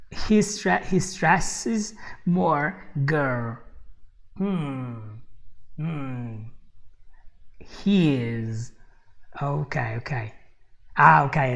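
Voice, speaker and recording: A man's voice: a little high, vocal fry, fairly bright tone. A man teaching a live online English lesson, explaining patiently and checking in with "okay?" after almost every point, often laughing and answering viewers by name. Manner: addresses viewers' chat comments by name.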